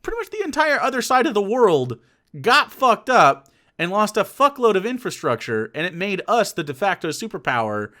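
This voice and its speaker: High, lively ranting male streamer. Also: moderate pace. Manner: sarcastic, ranting, swearing often. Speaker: streamer reacting to a video. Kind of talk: casual reaction commentary.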